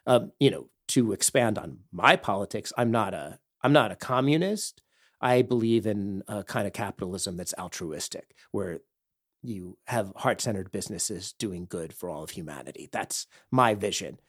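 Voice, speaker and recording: A man's voice: fairly low pitch, animated, moderate pace, breathy edge, no echo, studio quality. A man telling a personal story as a podcast host, rambling with many fillers and growing heated and intense. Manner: heavy fillers and restarts.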